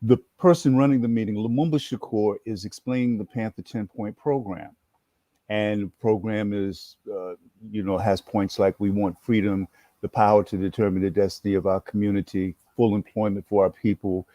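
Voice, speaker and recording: Warm, low-voiced older man telling a story. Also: normal speed, dry recording. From New York. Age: 60s. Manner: animated storyteller who acts out his story. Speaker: guest, former activist and educator. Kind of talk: storytelling in an interview.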